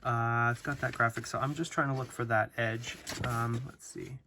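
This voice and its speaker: A man's voice: mid-range voice, fairly even intonation, normal speed, noisy background. A man giving a casual unboxing commentary at home, rambling and playful with many fillers and restarts, recorded on a phone. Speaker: toy reviewer. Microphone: phone camera.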